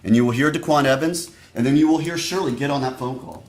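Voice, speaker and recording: Male prosecutor in an echoey courtroom. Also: mid-range voice. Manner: deliberate, speaks straight to the jurors. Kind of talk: opening statement to a jury.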